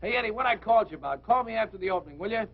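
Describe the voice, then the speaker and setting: A man's voice: sits high, expressive, racing. An actor playing a brash man, heard over a telephone line. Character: brash American male agent, fast-talking.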